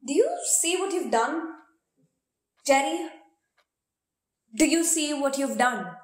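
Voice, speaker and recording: A woman's voice: high voice, lively intonation, takes it slowly, echoey room. A young woman acting a distraught woman in a student stage drama who taunts a man bitterly. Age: young adult. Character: distraught woman with nothing left.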